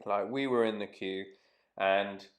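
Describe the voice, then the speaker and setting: A man's voice: lowish voice, fairly even intonation, unhurried. A man telling a rambling, casual anecdote to camera, swearing freely and trailing off mid-sentence. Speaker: vlogger.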